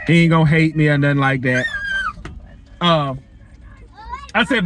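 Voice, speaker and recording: A man's voice: a little high, a little slow, long pauses. A man talking to camera in a casual, preachy, colloquial way. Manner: animated, preachy, colloquial storytelling. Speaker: vlogger.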